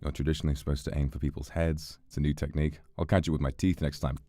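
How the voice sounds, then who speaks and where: A man's voice: a bass voice, little pitch movement, very fast, warm tone, no room sound, pitched below the performer's own voice. A man voicing a chatty middle-aged dad at a park with a put-on Irish accent, playful and stumbling over long words. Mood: friendly. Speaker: game character voice.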